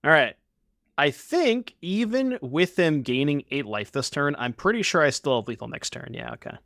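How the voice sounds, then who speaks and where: Young male streamer, casual rambling commentary, animated delivery, dry close desk mic. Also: a little high, moderate pace, creaky, dry recording. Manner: rambling, easygoing, swears casually. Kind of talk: casual game commentary and chat with viewers.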